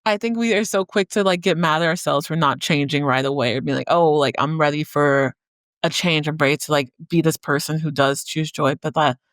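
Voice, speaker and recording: A woman's voice: low voice, fairly even intonation, a little fast, a bit bright, dry recording. A woman podcast host telling a personal story in a loose, chatty way. She strings thoughts together with frequent "like" and easy laughs. The sound is dry and close. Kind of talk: podcast conversation.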